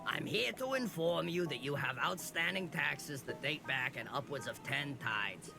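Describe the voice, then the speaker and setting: A man's voice: a little high, animated, measured pace, vocal fry. An actor playing a curt, officious male crab tax collector in a video game. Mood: officious, impatient. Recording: game audio with loud music.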